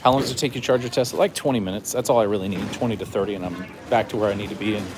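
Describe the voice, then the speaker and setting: A man's voice: fairly low pitch, rapid-fire, background noise. A man live-streaming from inside a car, chatting loosely and jokingly while reading out viewer comments. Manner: loose and joking, drifts between topics.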